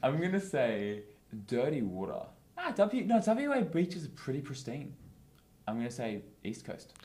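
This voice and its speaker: Man from WA, podcast co-host, animated voice that jumps around, playful teasing. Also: medium pitch. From Western Australia. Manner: animated, teasing, quick to laugh. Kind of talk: casual chat.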